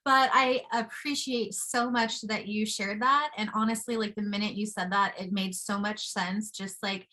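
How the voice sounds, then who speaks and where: A woman's voice: medium pitch, steady tone, moderate pace, hardly any pauses, sharp tone. Woman co-host, mid voice, earnest and encouraging. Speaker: podcast co-host. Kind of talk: podcast interview.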